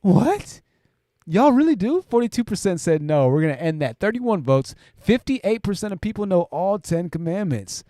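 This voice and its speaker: A man's voice: high-pitched, big pitch swings, normal speed, dark tone, dry recording, clean studio sound. A man hosting a livestream, reading viewer comments aloud and chatting about them, often tagging sentences with "right?" and restarting his phrases. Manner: conversational, keeps asking "right?"; self-interrupting restarts, repeats phrases. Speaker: livestream host.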